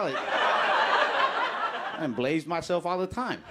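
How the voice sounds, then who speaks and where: Young male stand-up, deadpan and laid-back, on stage with loud audience laughter. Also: fairly high pitch, moderate pace, gravelly, very noisy. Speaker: stand-up comedian. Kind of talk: stand-up comedy set. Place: comedy stage before a live audience.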